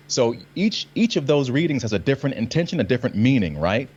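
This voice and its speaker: Guy on a video call, animated, acts stuff out, kinda muffled lo-fi audio. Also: mid-range voice, fast, husky. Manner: animated storytelling, acts out lines in different readings. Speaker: actor and guest. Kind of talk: casual conversation.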